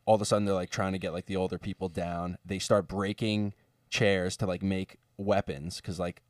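A young man with a very low voice rambles through a story in casual chat, padding it with fillers. He sits a little back from the mic in a dry room. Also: flat delivery, moderate pace, darkish tone, no echo, distant mic.

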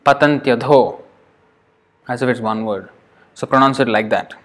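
A man with a lowish, fairly bright voice leads a Sanskrit class. Explaining the sandhi rules, he spells each word out patiently and repeats it slowly.

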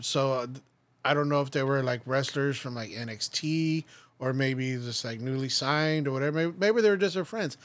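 A man's voice: medium pitch, a bit bright. A man co-hosting a wrestling podcast, telling a rambling story full of fillers, restarts and swearing in casual chat. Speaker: podcast co-host.

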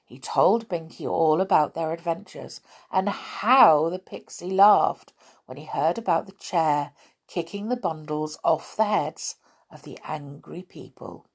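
Woman storyteller, children's book reading, slow and expressive. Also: sits low, breathy edge.

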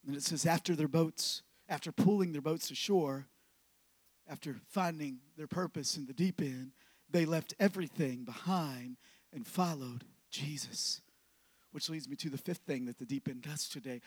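A man preaching a sermon as pastor. He swings from loud shouting to hushed whispers and repeats phrases for emphasis. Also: on the high side, expressive, normal speed, dry recording.

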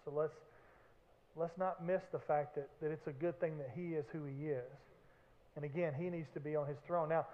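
Animated preacher in an echoey hall. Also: male voice, high-pitched. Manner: animated preaching with acted-out shouts and asides. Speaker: pastor. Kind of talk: sermon. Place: church sanctuary. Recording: echoey hall, phone-like band.

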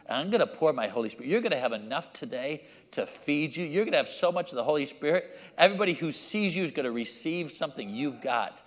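A man preaching a sermon as pastor, acting out his children and church members with lively changes of voice. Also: mid-range voice, a little fast, long reverb tail.

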